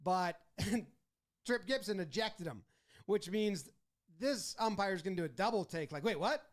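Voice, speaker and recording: A man with a high voice narrates a baseball highlight breakdown. He talks in an animated, casual way and slips into quick voices for the players and umpires he quotes. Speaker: sports video commentator.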